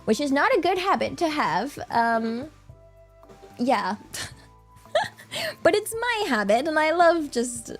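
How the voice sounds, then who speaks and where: A woman's voice: high voice, very animated, slow pace, pauses often, faint music behind. A woman, chatting casually on a stream in a bubbly, rambling way with lots of fillers and giggles. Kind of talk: casual chat.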